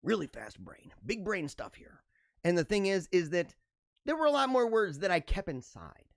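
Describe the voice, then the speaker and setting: This podcast host, a man with a high-pitched voice and big pitch swings, reads jokes on his own talk show at a moderate pace. He reacts with sarcastic, joking remarks and frequent laughter, and there's no room sound.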